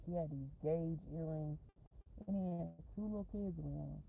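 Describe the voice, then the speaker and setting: A woman's voice: low-pitched, creaky, dark tone, slight background noise, low-quality recording. A woman talking casually in a rambling, profane storytime vlog, going off on tangents and laughing often. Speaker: vlogger. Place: in a parked car.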